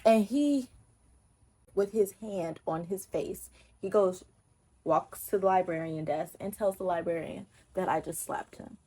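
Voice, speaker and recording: A young woman vlogger from Texas tells an animated, emphatic, profane storytime in casual talk. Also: lowish voice, unhurried, breathy edge.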